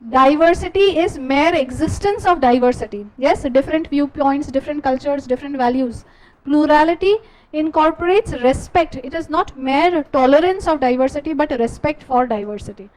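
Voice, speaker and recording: A woman teacher with an Indian English accent, slowly dictating class notes and repeating each phrase for students to write down. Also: high voice, rough recording.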